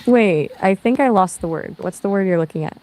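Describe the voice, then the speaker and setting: A woman's voice: medium pitch, animated, fairly quick, noisy background. A synthetic woman's voice answering questions as a conversation partner, in a breezy, chatty explaining manner.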